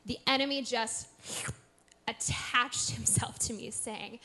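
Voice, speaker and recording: A woman in her thirties tells her story of faith in a candid, earnest way. Her voice sits a little high, and she talks softly and reflectively, with small nervous laughs. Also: steady tone, takes it slowly, a crowd in the background. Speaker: podcast co-host sharing testimony. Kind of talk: candid faith testimony chat.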